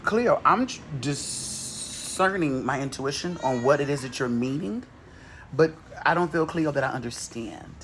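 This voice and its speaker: A man hosting a spiritual healing show, talking in a casual, animated, profane and playful way. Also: mid-range voice, measured pace, slight background noise. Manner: animated, profane and playful, acting out quoted voices.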